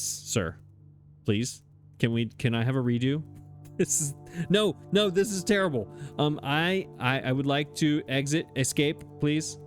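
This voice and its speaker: A man commenting on his own gameplay, flustered and exasperated, talking to himself. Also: medium pitch. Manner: frustrated, exasperated, talks to himself. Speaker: let's play gamer.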